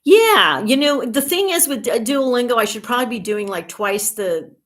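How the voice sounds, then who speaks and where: A woman's voice: a little high, lively intonation, moderate pace, fairly bright tone. A woman in her sixties from the United States hosting a casual livestream, chatting in a rambling way with dry humor and answering viewer comments. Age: 60s. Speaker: livestream host.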